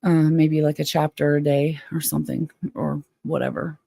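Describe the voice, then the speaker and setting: A woman's voice: low voice, level tone, vocal fry, dark tone, no room sound, studio quality. Chatty woman hosting a live stream. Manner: chatty, frank, quick to get worked up. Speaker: livestream host. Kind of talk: casual live-stream chat, reading a book aloud.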